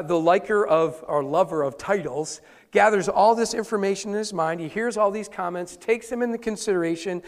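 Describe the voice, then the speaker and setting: Gravelly high-voiced male pastor preaching. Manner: conversational preaching with emphatic repetition. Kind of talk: sermon. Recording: reverberant hall.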